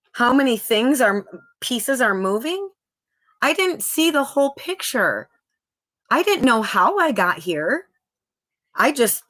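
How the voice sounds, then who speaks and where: A woman's voice: mid-range voice, a bit bright. A middle-aged woman hosting a live stream, chatting upbeat with viewers and reading out their comments. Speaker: livestream host.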